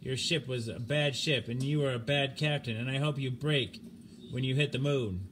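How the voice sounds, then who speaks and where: A man's voice: medium pitch, normal speed, a bit bright, a little hiss or hum, natural voice. A man doing a sneering mutinous spaceman. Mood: taunting. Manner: taunting, sneering. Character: spiteful mocking male spaceman, vengeful.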